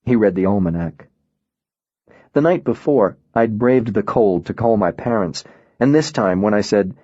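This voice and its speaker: A man narrating an audiobook in a subdued, measured way. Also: lowish voice, lively intonation, warm tone, no room sound, muffled recording.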